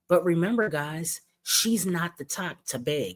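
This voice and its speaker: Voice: medium pitch, very animated, measured pace, husky. A commentary host giving blunt, sarcastic, profane running commentary on another streamer's clips.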